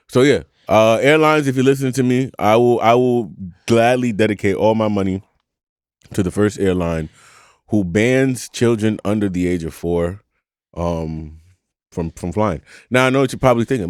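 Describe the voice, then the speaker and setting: A man co-hosting a podcast, chatting casually in an animated, profane rant with frequent laughter. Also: on the low side, fairly quick, no echo, studio quality. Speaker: podcast co-host. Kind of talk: casual chat.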